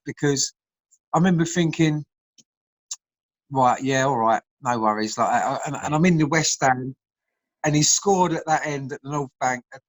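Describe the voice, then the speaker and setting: A man's voice: mid-range voice, poor audio. Guy in his 40s on a video call, chatty, laughs a lot, plain middle voice. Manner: chatty storyteller, laughs often. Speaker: guest, former footballer. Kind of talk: casual chat.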